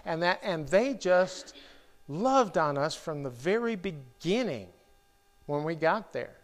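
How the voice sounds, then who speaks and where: Slow-speaking man preaching a sermon. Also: on the high side, very animated. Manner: slow, halting delivery with repeated restarts and fillers. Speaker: pastor. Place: church.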